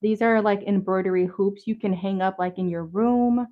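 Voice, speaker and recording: A woman's voice: medium pitch, steady tone, normal speed. Chatty woman on a lo-fi livestream. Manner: chatty and rambling, many fillers and restarts; casual slang, talks straight to viewers. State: a little out of breath. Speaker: livestream host showing handmade crafts. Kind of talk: casual livestream chat. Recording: slightly dull lo-fi stream audio.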